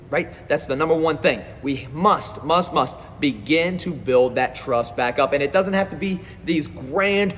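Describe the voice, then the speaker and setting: A man giving a live-streamed motivational talk as a performance coach, energetic and speaking straight to his viewers, often repeating phrases. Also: on the high side, in a large hall, a little hiss or hum.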